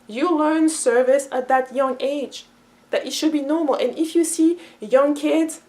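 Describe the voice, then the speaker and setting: A woman giving a casual explanatory talk as a cultural teacher. She thinks aloud, often repeats and restarts her phrases, and acts out quoted voices with lively shifts. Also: sits high, a little slow.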